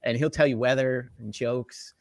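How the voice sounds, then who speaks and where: A middle-aged man talks tech in a keen, rambling flow, full of fillers and quick restarts. His voice sits at an ordinary pitch. The sound is close and dry, with no room echo. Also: steady tone. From Jersey Shore, US. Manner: enthusiastic, rambling explainer with many fillers and restarts. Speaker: tech evangelist guest. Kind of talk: casual interview explanation.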